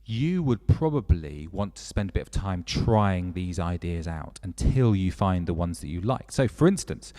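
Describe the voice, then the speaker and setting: A man's voice: low-pitched, lively intonation, normal speed, hardly any pauses, dark tone, long reverb tail. A man leading a children's music workshop, explaining step by step in an encouraging way.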